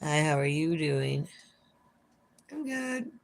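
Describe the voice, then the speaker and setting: This Minnesotan livestream host talks with her viewers from home near an open window, chatty, sarcastic, and swearing openly. Her voice is low and very animated, with vocal fry, and she takes it slowly.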